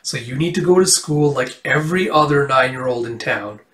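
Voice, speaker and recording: A man's voice: medium pitch, moderate pace, a bit bright, lightly acted. A man voicing a weary old grandfather figure who scolds patiently. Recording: roomy echo, distant from the mic.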